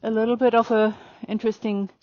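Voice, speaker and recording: A woman riding a horse and calmly explaining her training as she goes, pausing to speak softly to the horse. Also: on the high side. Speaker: riding instructor. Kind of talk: narrating while riding. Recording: dry, dull lo-fi sound.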